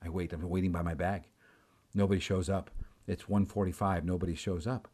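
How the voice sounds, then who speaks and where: A man's voice: deep voice, level tone, a little fast, dark tone. A middle-aged man, a preacher, telling a dramatic, exasperated story in a storytelling sermon.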